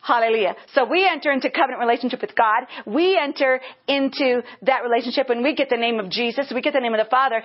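A woman's voice: on the high side, fast talker, hardly any pauses. A woman teaching a Bible lesson earnestly, breaking into bursts of praise. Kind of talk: teaching sermon. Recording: dull lo-fi sound.

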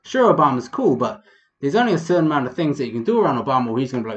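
A young man from New Zealand with a New Zealand accent, hosting a casual comedic vlog in a rambling, profane, animated way. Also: mid-range voice, racing, dull audio. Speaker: vlog host.

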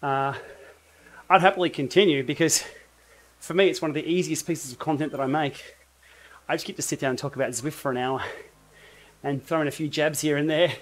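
A man's voice: a little high, fairly even intonation, fairly quick, pauses often. A man with an Australian accent chatting casually on a livestream while riding an indoor trainer, rambling with wry asides. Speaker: cycling YouTuber host.

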